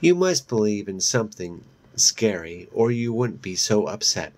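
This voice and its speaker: A centuries-old female vampire from a horror audiobook, put on by a man reading aloud, taunts her prey in a sugary, mocking tone. She speaks low and unhurried, with slow menace. Her cruelty comes across as playful. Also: sing-song, darkish tone, slight background noise.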